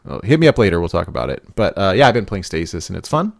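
Low-voiced, animated podcast host. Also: male voice, racing, vocal fry, no echo, clean studio sound. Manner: animated storytelling, laughs, mimics people in quotes. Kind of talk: casual podcast chat.

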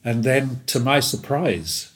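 A man's voice: mid-range voice, lively intonation, takes it slowly. An older English man in his seventies, a guest telling stories in a rambling, amused way and laughing often. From England. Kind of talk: casual chat.

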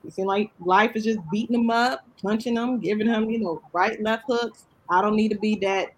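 A man's voice: high voice, steady tone, normal speed, rough recording. Earnest man telling his story. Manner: earnest storytelling, plain and direct. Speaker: guest. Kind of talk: casual chat.

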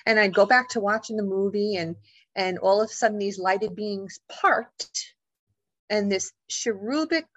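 A middle-aged woman, a guest author and paranormal investigator, telling a personal story in an animated, emotional way, acting out the voices of the people in it. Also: medium pitch, dry recording. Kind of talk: storytelling in a podcast interview.

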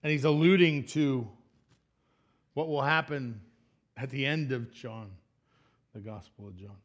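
An unhurried male pastor preaches to his church, throwing questions at the congregation and acting out the people in the story. His lines range from loud and emphatic to soft, low asides.

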